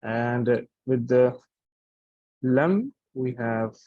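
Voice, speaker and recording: A man teaching Arabic grammar in English. He recites Arabic verses quickly and explains them with many fillers and restarts. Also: fairly high pitch, no room sound, narrow, tinny audio. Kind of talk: recorded lesson explaining grammar.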